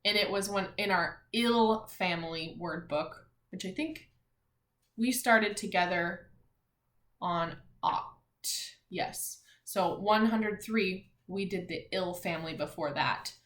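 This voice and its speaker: A woman teacher leading a reading and spelling lesson for young children, sounding out letters and words in a clear, encouraging way. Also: mid-range voice, slow, a bit bright, roomy sound.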